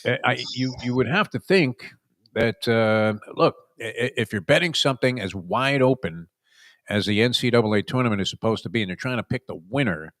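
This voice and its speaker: A man's voice: mid-range voice, a little fast, a bit bright, no room sound, clean studio sound. A middle-aged man hosting a casual sports talk show, wry and sarcastic, rambling with plenty of fillers.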